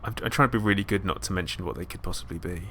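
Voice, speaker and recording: Casual british guy chatting on stream, lots of ums, bright voice. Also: deep voice, rapid-fire, a little hiss or hum. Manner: chatty, laughs often, filler ums. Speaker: streamer host. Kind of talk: casual gaming stream chat.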